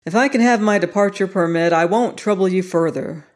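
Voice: mid-range voice, a little fast, lightly acted. A resentful young man from an audiobook, played by the narrator. He speaks bluntly and curtly, with a stubborn edge to everything he says. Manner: curt and direct. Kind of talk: audiobook reading.

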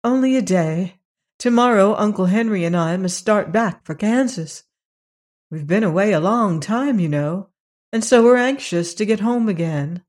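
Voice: mid-range voice, animated, moderate pace, darkish tone, natural voice. A reader doing a curious little girl. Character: polite, curious little girl traveling home. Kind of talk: audiobook character reading.

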